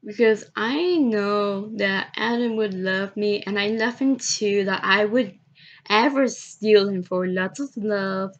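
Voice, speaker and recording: Woman rambling through a story on her vlog, slow and halting, keeps restarting, kinda muffled lo-fi audio. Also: mid-range voice. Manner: halting, repetitive, restarts often. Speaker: vlogger.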